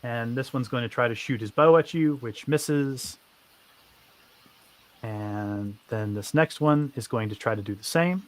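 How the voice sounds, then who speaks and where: A man narrating a tabletop game as game master, briskly and with many fillers. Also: medium pitch.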